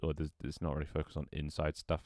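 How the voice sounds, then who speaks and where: On a livestream, a man thinks aloud at a quick pace while building a game level, his very deep voice monotone and a little mellow. He mutters, swears a lot, and jokes with his chat, while his voice cracks occasionally. The audio is studio quality with no echo.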